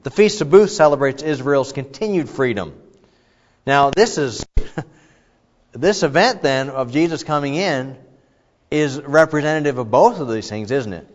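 A man's voice: mid-range voice, expressive, a little slow. Man preaching in a reverberant hall. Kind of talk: sermon. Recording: muffled sound with long hall reverb.

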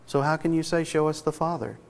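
A man's voice: fairly high pitch, fairly even intonation, brisk. A man preaching an expository sermon, reading scripture aloud and stressing single words with emphasis. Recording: long reverb of a large hall.

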